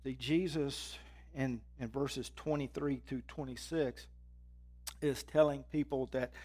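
A man preaching a sermon, reading scripture with rising intensity and dropping low and quiet to drive points home. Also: steady tone, slow.

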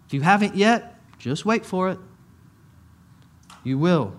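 A middle-aged pastor giving a conversational sermon, with emphatic repetitions and casual asides. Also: male voice, sits high, expressive, slow, pauses often.

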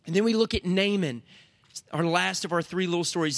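A man preaching a sermon as pastor, telling Bible stories with lively asides and quick put-on voices for the people in them. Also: high voice. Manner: animated storytelling, jumps into voices and back.

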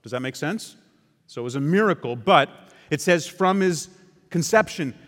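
A man's voice: on the high side, expressive, normal speed, a bit bright. A man preaching a sermon, emphatic and conversational, checking in with his listeners as he explains. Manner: emphatic, with conversational asides to the congregation. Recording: long reverb of a large hall.

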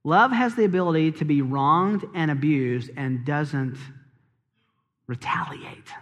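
Male pastor, high and bright, conversational sermon with humor, recorded with long church-hall reverb. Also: a little slow, dull audio, slight background noise. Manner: lively, conversational preaching with humor and rhetorical questions. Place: church sanctuary.

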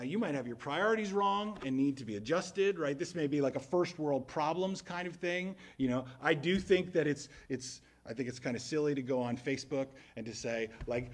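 A man delivering a sermon in a relaxed, chatty way, with frequent asides as he retells a story. His voice sits a little high and has a husky edge. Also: measured pace. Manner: conversational storytelling with casual asides. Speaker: preacher.

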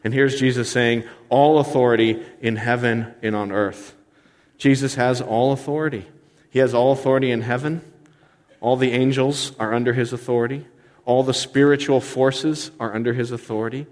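A pastor preaching a sermon with emphatic delivery, slowing down to stress key words and climbing high in pitch when he builds a point. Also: steady tone, a little mellow, big-room sound.

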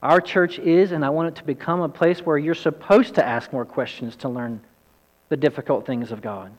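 A man pastor preaching an earnest, emphatic sermon, at times quick and at times slow. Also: fairly high pitch. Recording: long hall reverb.

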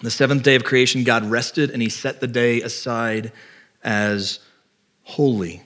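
A man's voice: medium pitch, steady tone, a little slow, a bit bright. Male pastor with a mid-range voice, preaching to a congregation in an easy, conversational way and posing questions. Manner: explanatory, asks the listeners rhetorical questions. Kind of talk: conversational sermon. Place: church before a congregation.

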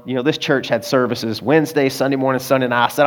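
A man's voice: mid-range voice, steady tone, fast talker, few pauses. A man preaching a sermon in a conversational way, with personal stories and frequent asides to the congregation. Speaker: pastor.

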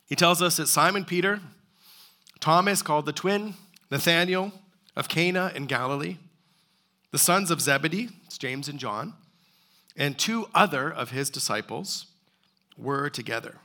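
Gravelly, bright-voiced male preacher. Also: fairly high pitch, normal speed, long pauses. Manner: earnest, pleading preaching with repeated rhetorical questions. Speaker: pastor. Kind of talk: sermon.

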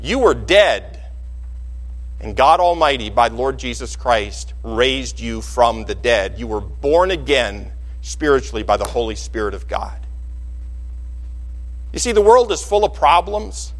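A man's voice: mid-range voice, sing-song, measured pace, long reverb tail. A man preaching a sermon as pastor, telling the story with animation and acting out the quoted voices. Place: church sanctuary.

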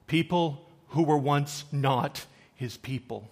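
A man preaching a sermon, swinging from loud, emphatic scripture reading to quiet, conversational asides to the congregation. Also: a little high, unhurried. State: choked up with emotion.

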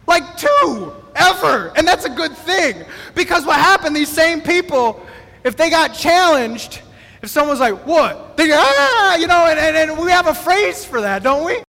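High, bright-voiced man preaching in a hall. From Wisconsin, USA. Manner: animated, conversational, acts out quotes. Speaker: pastor. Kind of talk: sermon. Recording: long reverb from a large hall.

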